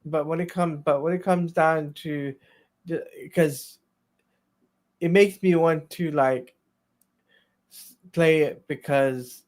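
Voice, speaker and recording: A man joining a casual movie discussion as co-host, speaking hesitantly with many fillers and pauses. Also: a little high, steady tone, a little mellow.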